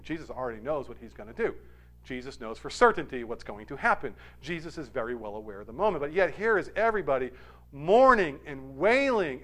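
In a medium-pitched voice, a man preaches with loud, emphatic climaxes and gentle, quiet asides in between. He brings quoted lines to life with feeling.

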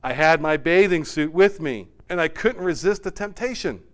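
A man's voice: on the high side, expressive, moderate pace, fairly bright tone. A man voicing a sheepish young boy caught in an excuse, with eager, pleading delivery.

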